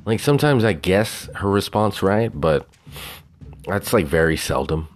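A man's voice: deep voice, expressive, unhurried. A man hosting his own podcast in a casual, rambling, boastful and profane way, with a Southern US twang. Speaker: podcast host. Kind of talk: casual solo podcast talk.

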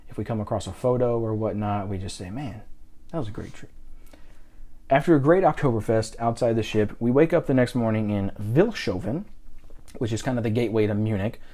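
A man from the United States co-hosting a podcast, chatting casually about a river cruise and telling animated stories. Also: on the low side, a little fast. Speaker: podcast co-host. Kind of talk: casual travel chat.

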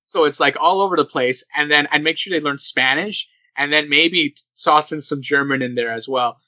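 Bright, lively young man podcasting. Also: fairly high pitch, moderate pace, dry recording, poor audio. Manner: animated, laughing, acts out quoted people. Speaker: podcast host. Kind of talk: casual podcast chat.

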